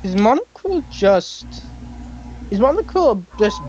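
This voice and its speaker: A woman's voice: mid-range voice, very animated, slow pace, darkish tone. Curious woman on a dull lo-fi line. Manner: curious, asks questions, stumbles over words. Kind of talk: casual chat. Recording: lo-fi dull sound with faint music.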